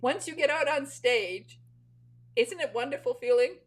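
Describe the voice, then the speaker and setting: A middle-aged woman hosts a relaxed interview in a chatty, friendly way and laughs often. Her voice sits a little high. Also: moderate pace, low-quality recording. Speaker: interview host. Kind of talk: casual interview chat.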